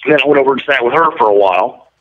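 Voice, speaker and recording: A man's voice: medium pitch, expressive, very fast. A man giving an interview and telling a story in a blunt, matter-of-fact, detailed way. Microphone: prison phone line. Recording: muffled lo-fi line.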